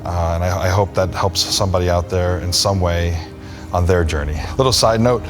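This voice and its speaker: A man's voice: low-pitched, moderate pace, over music. A man vlogging from his car, rambling with lots of fillers as he talks about a doctor visit. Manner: anxious then relieved, rambling with many fillers. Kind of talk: personal vlog, talking to camera.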